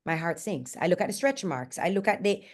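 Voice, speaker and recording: A woman's voice: fairly low pitch, expressive, brisk. A Jamaican woman in her forties hosting a candid motivational talk, frank and earnest and speaking bluntly. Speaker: host and fitness coach.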